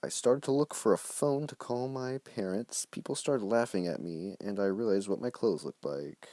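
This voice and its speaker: A bewildered young rich boy turned hobo, read out by a man, telling his tale in earnest, flustered bursts. The voice sits a bit lifted over a low base. The sound is dry. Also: normal speed, mellow, no room sound, close to an everyday voice.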